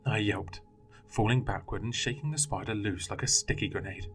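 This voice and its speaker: A man narrating a first-person horror story in a measured, dramatic way. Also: lowish voice, slight background noise. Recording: faint music bed.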